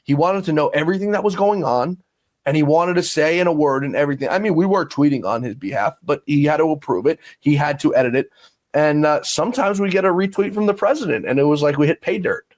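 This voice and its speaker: A man in casual chat, telling lively workplace stories and laughing often as he acts out quotes. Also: on the high side, quick pace, no room sound.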